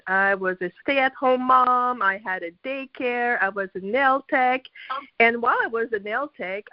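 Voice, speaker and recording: Middle-aged Québécois woman, slow and halting. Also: a little high, no room sound. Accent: Québécois French. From Quebec, Canada. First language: French. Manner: hesitant, many fillers, laughs often. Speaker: guest. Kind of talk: telling her story on a group call. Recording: dull lo-fi call audio.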